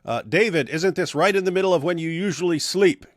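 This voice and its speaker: A man hosting a livestream who briskly reads out viewer comments and jokes with his guests. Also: sits high, no room sound, clean studio sound. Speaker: livestream host. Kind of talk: casual livestream chat, reading viewer comments.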